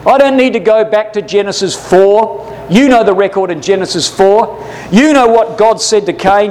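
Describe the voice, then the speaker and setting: A man's voice: high voice, moderate pace, a little mellow, a little hiss or hum, low-quality recording. A man teaching a Bible class, preaching fervently and pressing listeners with urgent rhetorical questions. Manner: addresses listeners as brothers and sisters.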